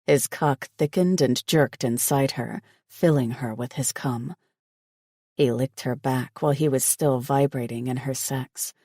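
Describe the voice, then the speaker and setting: Slow, steady male audiobook narrator. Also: medium pitch, no echo, clean studio sound. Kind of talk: scripted narration.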